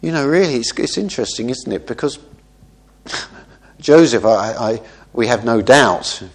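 Man, preacher, Bible teaching, conversational, rhetorical tag questions, thinks aloud, mid-pitched voice. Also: animated, a little slow. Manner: thoughtful with small self-corrections.

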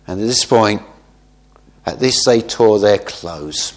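A man's voice: on the low side, expressive, slow pace. A man preaching through a Bible passage, talking conversationally and often tagging his points with "isn't it?" while now and then correcting himself mid-word. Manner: conversational, frequent "isn't it?" tag questions; thoughtful with small self-corrections. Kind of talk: expository Bible teaching.

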